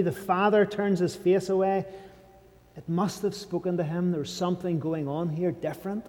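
A male preacher gives an emphatic sermon in a fairly high, mellow voice at a moderate pace with a level tone, dropping to a hushed low register on key phrases. A large church hall lends the sound a long reverb.

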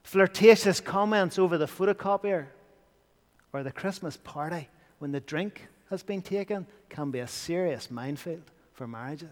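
A man's voice: on the high side, moderate pace. Earnest preacher man in a reverberant hall. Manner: earnest preaching, dropping to hushed tones for emphasis. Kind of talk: sermon.

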